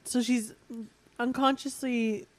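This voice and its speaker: A woman's voice: on the high side, fairly even intonation, slow, no room sound. Young female co-host, inquisitive, casual, dry mic. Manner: curious, asks follow-up questions. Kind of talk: casual chat.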